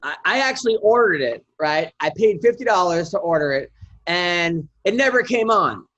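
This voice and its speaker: A man on a podcast telling profane, animated stories in a casual chat. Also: high-pitched, moderate pace. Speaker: podcast guest comedian. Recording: dull lo-fi audio.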